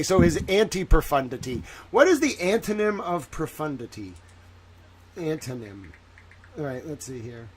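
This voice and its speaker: Male streamer, Southern accent, slightly high, casual and sarcastic. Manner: chatty, sarcastic, talks to chat by name. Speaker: livestream host. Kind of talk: casual livestream chat.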